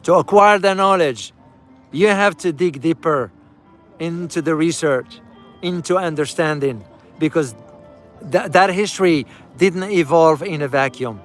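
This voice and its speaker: Soft background music accompanies a man with a slightly high voice speaking at a measured pace. He talks straight to his viewers as "guys" while riding through a city, giving casual travel commentary and repeating key phrases to stress them.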